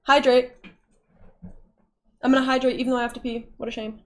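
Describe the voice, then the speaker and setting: A woman's voice: high-pitched, level tone, brisk. A young woman livestreaming, casually reading and answering chat with playful giggles.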